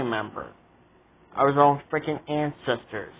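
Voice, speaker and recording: A man's voice: a little high, a little slow. Indignant ranting man, tinny audio. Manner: exasperated, indignant ranting with repeated asides. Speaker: vlogger reviewing a show. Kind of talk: casual ranting commentary.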